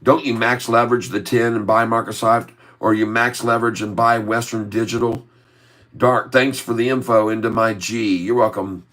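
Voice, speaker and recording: A middle-aged American man hosting a casual stock-trading livestream, reading viewer comments aloud and answering them in a relaxed, chatty way. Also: mid-range voice, moderate pace. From USA. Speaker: livestream host reading chat.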